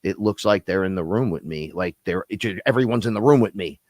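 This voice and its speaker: A man's voice: low voice, fairly quick, darkish tone, dry recording, clean studio sound, close to an everyday voice. A man quoting a boastful, complaining male warlock in a slightly raised version of his own voice. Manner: bragging, then griping.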